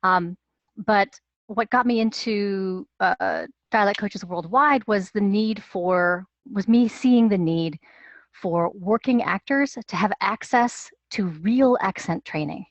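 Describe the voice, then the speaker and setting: A woman working as a dialect coach answers interview questions in a measured, explanatory way, with fillers and restarts. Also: mid-range voice, no room sound, highs cut off.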